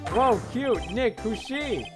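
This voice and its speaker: A man's voice: very high voice, lively intonation, slow pace, music in the background, voice pushed up, exaggerated voice. A man voicing a cheerful, bubbly young woman sidekick with a playful manner.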